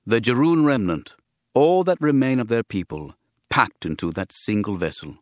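A man's voice: mid-range voice, lively intonation, normal speed, dry recording, clean studio sound, natural voice. A man voicing a grave, formal alien aristocrat. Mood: sober. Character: sober, courtly alien aristocrat official.

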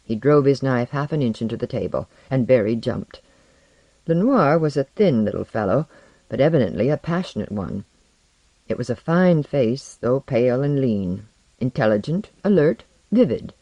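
A storyteller reading a tale aloud in a measured, wry way, letting the voice rise and fall with lively expression. The recording is dry and close, with no room echo, and the pitch sits in the middle.

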